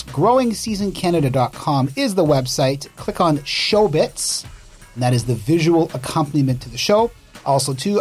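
A man with a fairly high, darkish, husky voice hosts a gardening radio show from a studio. His casual chat is upbeat, jokey and playful.

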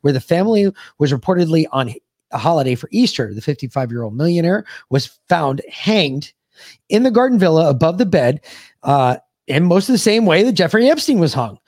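A man's voice: a little high, very animated, a little fast, darkish tone, dry recording, clean studio sound. A man co-hosting a podcast, chatting casually and crudely, joking and swearing often. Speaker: podcast co-host. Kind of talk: casual political chat.

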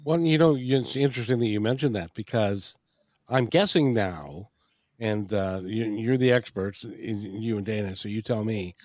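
A man's voice: lowish voice, moderate pace, a little mellow, dry recording. A man co-hosting an interview, asking questions in a joking, self-deprecating way. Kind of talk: casual interview chat.

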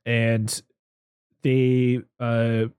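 A man talks through a movie scene by scene, loose and rambling, dropping curse words as he goes. His voice sits at an ordinary middle pitch, and the recording is dry and close with no room sound. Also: extremely slow, smooth, dry recording. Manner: rambling, animated, swears freely. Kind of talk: casual chat recapping a movie.

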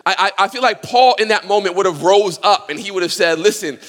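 Male pastor, sermon, high bright voice, long hall reverb, impassioned swings from loud to hushed. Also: fast talker.

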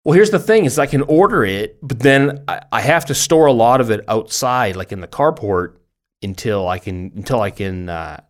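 A man's voice: mid-range voice, lively intonation, moderate pace. A middle-aged man hosting a podcast in casual chat, rambling and self-deprecating, often stumbling over his words. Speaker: podcast host.

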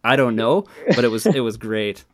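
A man's voice: mid-range voice, animated, normal speed. A man hosting a casual chat, laid-back, often laughing and giving short replies. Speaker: podcast host.

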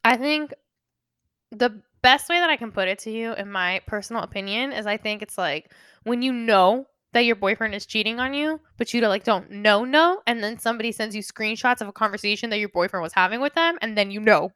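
Bright, chatty young woman. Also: on the high side, a little fast, smooth, no echo, studio quality. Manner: chatty, laughs often, playful. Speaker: podcast co-host. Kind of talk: casual chat.

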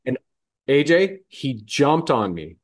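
A man's voice: medium pitch, big pitch swings, slow. A man in casual podcast chat, telling a moving story earnestly, his voice catching as he fights tears.

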